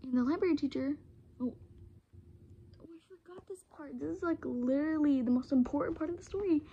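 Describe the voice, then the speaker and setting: A woman's voice: high voice, brisk, lo-fi sound, a little hiss or hum. A teenage girl, rambling through a casual storytime vlog with lots of fillers and restarts, close to a phone camera.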